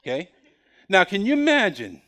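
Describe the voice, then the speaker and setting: A male preacher giving a lively, humorous sermon in church, acting out scenes and calling someone up from the congregation. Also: high-pitched, normal speed. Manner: animated, jokey, acts out scenes, calls up a boy from the congregation. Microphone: recorded on camera for broadcast.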